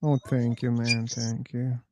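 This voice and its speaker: A man's voice: mid-range voice, little pitch movement, a little slow, dark tone, no room sound. A man hosting an online voice-chat room, rambling casually, laughing and swearing as he tells stories.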